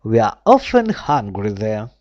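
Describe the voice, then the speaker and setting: A woman's voice: extremely low pitch, very animated, unhurried, darkish tone, no echo, highs cut off, exaggerated voice. A woman voicing a small, sickly, timid male mouse in a storybook reading, plaintive and hesitant.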